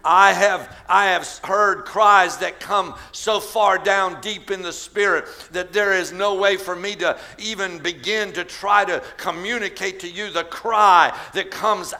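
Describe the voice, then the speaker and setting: A man preaching a Mother's Day sermon with an American accent, swinging from shouted cries to hushed storytelling. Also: high voice, creaky. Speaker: pastor.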